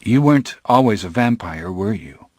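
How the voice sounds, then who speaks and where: A man's voice: fairly low pitch, expressive, normal speed, a little mellow, no echo. A man voicing a nervous, timid young male interviewer, who speaks in a hesitant, eager way.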